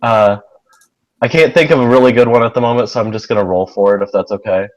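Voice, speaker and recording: A man's voice: mid-range voice, quick pace, highs cut off. A man playing a tabletop role-playing game, narrating his character's actions in a hesitant way with many fillers. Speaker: player.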